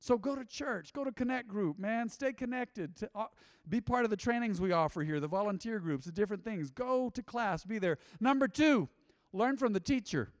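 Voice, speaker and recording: A man preaching a sermon in a church, animated and emphatic, acting out quotes. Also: sits high, moderate pace, no echo, clean studio sound, in a large hall. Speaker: pastor.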